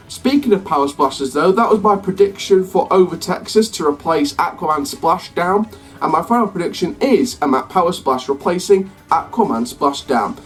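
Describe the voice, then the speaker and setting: Rambling man vlogging theme park picks. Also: fairly high pitch. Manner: rambling, self-correcting, upbeat sign-off. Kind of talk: casual prediction vlog. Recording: slightly distant mic, faint music behind.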